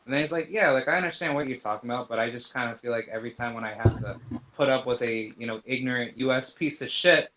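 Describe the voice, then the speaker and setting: A man's voice: medium pitch, fast, a bit bright, a little hiss or hum, poor audio. A man hosting a casual group chat, rambling and crude, leaning on "you know" and "like" between thoughts. He talks loosely and swears often. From United States. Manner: rambling, crude, many fillers. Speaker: podcast host.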